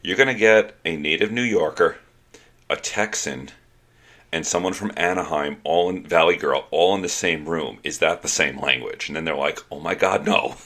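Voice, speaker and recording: A man's voice: very deep voice, moderate pace, a bit bright. A man with a New York accent who explains his points with examples and the odd joke in a casual chat.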